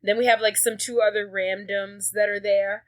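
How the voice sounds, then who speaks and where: A woman's voice: medium pitch, little pitch movement, normal speed. A woman co-hosting a podcast, retelling a movie plot in casual chat and swearing freely. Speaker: podcast co-host.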